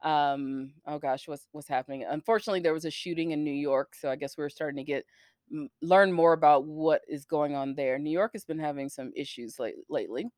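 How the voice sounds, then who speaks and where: A woman co-hosts a podcast in relaxed, opinionated chat and laughs easily. Her voice sits a little low. The recording is dry and close, with no room sound. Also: fairly quick, no echo. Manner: easygoing, laughs often, opinionated. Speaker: podcast co-host. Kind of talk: casual chat.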